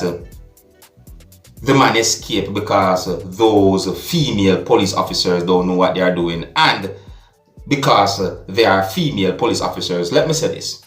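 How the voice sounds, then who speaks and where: A man with a Jamaican accent giving casual video commentary as a vlogger, often checking in with the listener through quick tag questions. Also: low voice. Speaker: vlogger commenting on a viral clip. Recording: echoey room with faint music.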